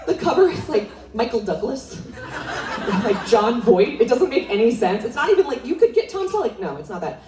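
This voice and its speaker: A woman's voice: on the high side, very animated, moderate pace. A young adult woman performing a stand-up comedy set on a live club stage, teasing the crowd in a conversational way. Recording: roomy, distant venue sound with crowd laughter.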